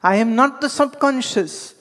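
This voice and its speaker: A woman's voice: fairly high pitch, lively intonation, a little slow, long reverb tail. A woman from India giving a spiritual discourse, telling stories and addressing her listeners directly. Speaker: spiritual teacher.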